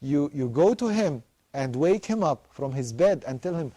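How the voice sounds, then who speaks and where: A man's voice: on the high side, expressive, normal speed, dark tone, dry recording. A man hosting a live family counseling show, giving emphatic advice to parents and repeating words for stress.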